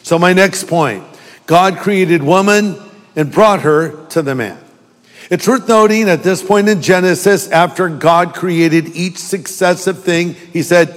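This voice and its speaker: A man's voice: high-pitched, a little slow, big-room sound. A male pastor giving a humorous, conversational sermon.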